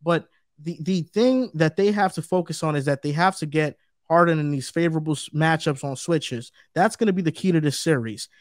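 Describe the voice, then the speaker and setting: A man's voice: a little high, a little fast, dry recording, clean studio sound. A man co-hosting a sports debate show, talking emphatically and repeating his points for stress. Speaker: co-host.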